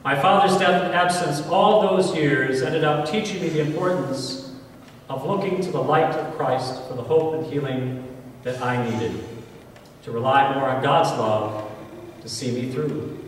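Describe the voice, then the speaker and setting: A man in his forties with an American accent, a priest telling a personal story in a homily, earnest and slow with emphatic pauses. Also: a little high, a little hiss or hum. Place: large church. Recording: echoey church hall from far off.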